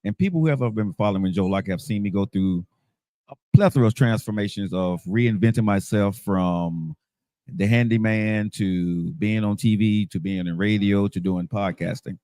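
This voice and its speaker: A man's voice: on the low side, normal speed, mellow, dry recording. A man in his fifties hosting a livestream talk show, upbeat and motivational, ending his lines with "right?". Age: 50s. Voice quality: bald-headed. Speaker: host.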